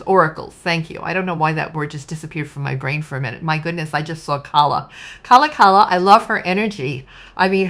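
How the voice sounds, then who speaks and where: Gushing low-voiced woman reading tarot. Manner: warm, gushing, emotional, addresses viewers as "you guys". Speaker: tarot reader. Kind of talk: casual tarot reading monologue.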